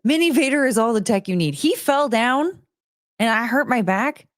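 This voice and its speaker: A livestream host with an expressive voice on the high side chats casually with viewers at a moderate pace, giggling, rambling, and often breaking off mid-sentence. The audio is studio quality, without echo.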